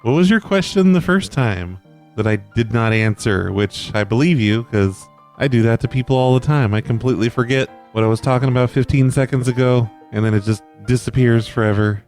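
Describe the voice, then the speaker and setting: A man's voice: medium pitch, a little fast, a little mellow. A man hosting a comedy call-in podcast, reacting to voicemails with self-deprecating banter. His voice sits mid-range, and a faint bed of music plays behind him. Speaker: podcast host. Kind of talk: casual chat reacting to voicemails.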